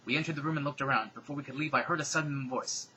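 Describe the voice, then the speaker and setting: A man giving a comedic, dramatic reading of fan fiction, with deadpan, sarcastic asides. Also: mid-range voice, racing, a little hiss or hum, poor audio.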